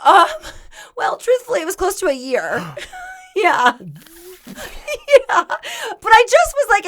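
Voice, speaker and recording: A woman's voice: very high-pitched, huge pitch swings, takes it slowly, long pauses, a bit bright. A young woman co-hosting a podcast, telling a long comedic story in a rambling way full of fillers and laughter. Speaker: podcast co-host.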